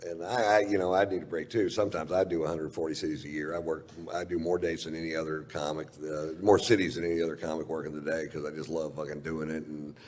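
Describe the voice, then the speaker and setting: Deep-voiced, laid-back profane comedian. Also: male voice, level tone, quick pace, few pauses, darkish tone. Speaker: stand-up comedian. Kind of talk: stand-up storytelling. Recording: reverberant hall, faint noise.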